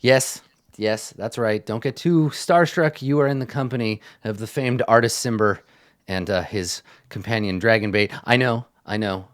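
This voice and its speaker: Man playing a pleading con man in a cage, wheedling and fast-talking, tabletop role-play. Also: fairly low pitch, lightly acted. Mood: boastful. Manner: wheedling, fast-talking salesman patter, often hushed.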